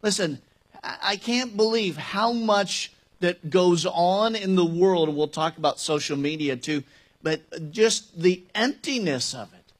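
A pastor with a notably high voice delivers a sermon in a church sanctuary. He talks conversationally but grows emphatic, throwing rhetorical questions to the congregation and slipping in wry jokes. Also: unhurried.

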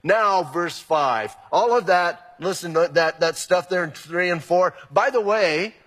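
Male pastor, husky slightly high voice, lively sermon delivery, long hall reverb. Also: takes it slowly. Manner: animated, acts out quoted exchanges.

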